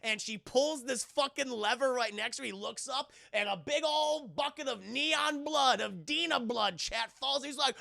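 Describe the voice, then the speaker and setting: Young male streamer, high-pitched, profane, animated recap delivery. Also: normal speed, vocal fry, few pauses, no echo, studio quality. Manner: profane, excitable, acts out quotes in loud voices. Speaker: streamer reviewing a film. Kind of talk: animated scene-by-scene film recap to live chat.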